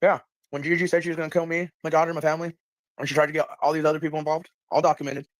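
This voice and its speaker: A man's voice: on the high side, flat delivery, very fast, no room sound. A man talking indignantly on a livestream, repeating himself. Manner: indignant, repetitive. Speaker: streamer. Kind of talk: livestream rant.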